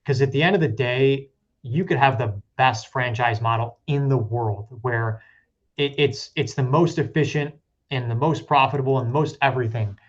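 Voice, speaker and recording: A man, a business founder, answering interview questions in a relaxed, reflective way, with fillers and restarts. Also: mid-range voice, moderate pace, muffled recording. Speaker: rage room business founder, guest.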